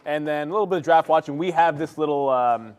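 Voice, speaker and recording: A man's voice: fairly high pitch, fast, clean tone. A man co-hosting a live day trading show in a studio, explaining market details in a matter-of-fact, conversational way. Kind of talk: casual live trading chat.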